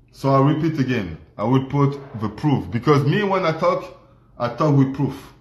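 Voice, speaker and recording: A man's voice: medium pitch, animated, unhurried. A man on a livestream speaking emphatic, repetitive, non-native English. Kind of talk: livestream rant. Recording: roomy echo.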